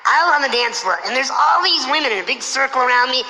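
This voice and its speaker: A man's voice: extremely high pitch, expressive, fast, bright, forceful tone. A man giving a motivational keynote talk on stage, telling a story playfully and acting out other people's lines. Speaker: motivational speaker. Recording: long hall reverb.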